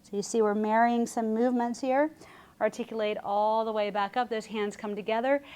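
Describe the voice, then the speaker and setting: A woman with a slightly high voice leads a Pilates class. She cues each inhale and exhale calmly while doing the moves herself, sounding a little breathy from the effort. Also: moderate pace. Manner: calm, counting breaths while demonstrating. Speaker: Pilates instructor. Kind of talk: guided exercise instruction.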